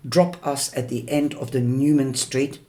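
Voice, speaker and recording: An anxious teenage boy from a storybook, urgent and pleading as he tries to smooth things over, voiced by a male narrator. His lines are unhurried despite the worry behind them. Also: mid-range voice, flat delivery, dark tone, lightly acted.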